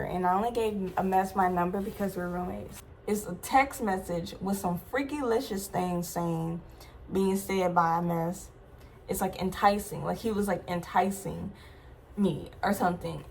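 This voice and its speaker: A woman's voice: mid-range voice, slight background noise. A young adult woman vlogger telling a personal story in a casual, slangy, emphatic way, with many asides to her viewers.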